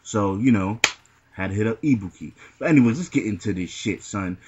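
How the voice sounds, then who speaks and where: A man giving live fighting-game commentary, boasting and trash-talking the opponent with heavy profanity, often shouting. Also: fairly low pitch, lively intonation, brisk, breathy edge, dull audio. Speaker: gameplay commentator.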